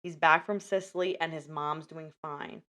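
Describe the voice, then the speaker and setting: Animated woman retelling a film, slightly low. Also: normal speed. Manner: animated storytelling, retelling film scenes with quoted lines. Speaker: podcast host. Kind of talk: casual podcast chat.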